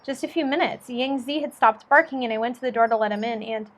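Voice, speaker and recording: A woman's voice: on the high side, fast talker, lightly acted. A woman reading the lines of a teenage girl in a novel, in a plain read-aloud voice.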